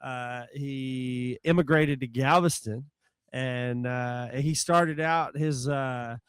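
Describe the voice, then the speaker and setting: Smooth-voiced man sharing trivia. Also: mid-range voice, no room sound. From Manchester, England. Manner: chatty, chimes in with trivia. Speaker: podcast co-host. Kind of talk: casual chat.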